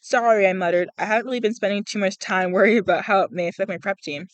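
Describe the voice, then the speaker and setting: Young woman podcaster, reads a book out loud and trips on words, says like a lot, dry close sound. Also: mid-range voice, quick pace, dry recording, low-quality recording. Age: young adult. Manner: stumbles over words, laughs often, says "like" a lot. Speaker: podcast host reading a book aloud. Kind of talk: casual read-aloud with chat. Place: outdoors in a public spot. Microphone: cheap small microphone.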